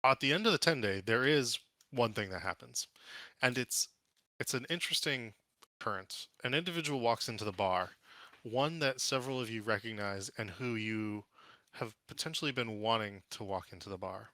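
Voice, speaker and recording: A man narrating a tabletop game as game master, casual and relaxed, with plenty of fillers. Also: medium pitch, normal speed, no echo.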